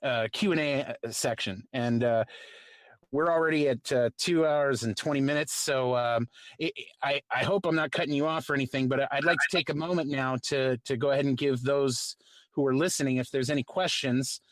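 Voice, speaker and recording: A man's voice: medium pitch, steady tone, moderate pace, no echo. A man hosting a podcast, rambling in stop-start sentences full of fillers. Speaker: podcast host. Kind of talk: casual podcast chat.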